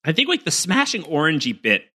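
A man talks through a casual snack taste test on a podcast. He's recorded over a video call and rambles cheerfully, filling the gaps with ums and likes. His voice is very bright and forward. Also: on the high side, huge pitch swings, fairly quick. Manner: chatty, self-mocking, thinks aloud with many fillers. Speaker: podcast co-host.

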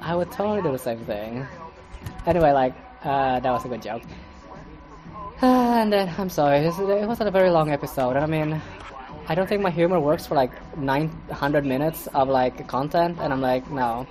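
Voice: medium pitch, expressive, normal speed, darkish tone, soft background music. Solo podcast host, casual and profane, sarcastic, stumbling through restarts. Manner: rambling with stammers and restarts. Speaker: podcast reviewer. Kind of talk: casual commentary monologue.

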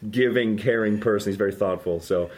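A man's voice: on the low side, fairly quick, a little mellow. A man who is a podcast guest, telling stories in a teasing, joking way during a casual chat.

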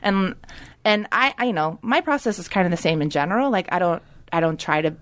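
A woman choreographer chatting as a podcast guest, animated and full of "like" and restarts, moving around as she talks. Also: fairly low pitch, a little fast. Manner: moves around while talking. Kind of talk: casual podcast chat.

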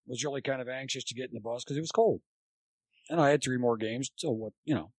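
A man, a former college baseball coach, chatting as a guest and telling long, animated anecdotes. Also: mid-range voice, quick pace, dry recording. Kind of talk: rambling anecdotal storytelling.

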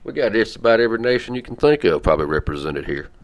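This is a man, hosting a podcast in a loose, rambling chat. His voice sits very low and carries a gravelly fry, and he stops and restarts with plenty of fillers. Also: big pitch swings. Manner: rambling, halting, with many fillers. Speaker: podcast host. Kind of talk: casual chat.

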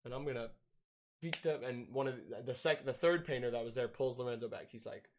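A man's voice: mid-range voice, brisk, noisy background. A young man casually telling a profane, laughing story on a podcast. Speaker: podcast host.

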